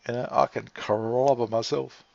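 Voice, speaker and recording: A man's voice: medium pitch, steady tone, normal speed, creaky, a little mellow, slight background noise. A man with an Australian accent talking in a rambling, casual way, laughing often and swearing freely. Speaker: vlog host. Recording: dull lo-fi recording.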